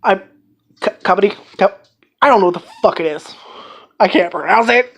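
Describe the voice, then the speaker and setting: Woman gushing about an anime, rambly and sweary, retells scenes all excited. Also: mid-range voice, fairly quick, gravelly. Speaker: anime reviewer. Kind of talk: casual spoken review.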